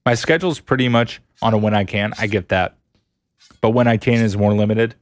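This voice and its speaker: A man's voice: fairly low pitch, fairly even intonation, fairly quick, no echo. Chatty man streaming a game. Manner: chatty, laughs often, talks to chat. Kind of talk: casual gameplay chat with chat readers.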